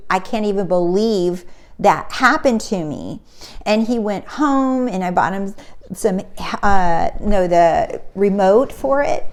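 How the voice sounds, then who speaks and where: A woman's voice: medium pitch, darkish tone. Middle aged lady coach chatting about her life, tells stories and does the voices. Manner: storytelling, acts out quotes. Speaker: spiritual coach. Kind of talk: casual motivational talk.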